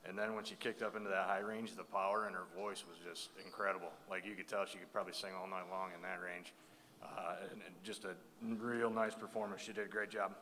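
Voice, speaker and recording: A man's voice: sits low, little pitch movement, a little fast, sharp tone. A man serving as a talent show judge, giving enthusiastic, appreciative feedback on a singer. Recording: hall reverb with faint ambience.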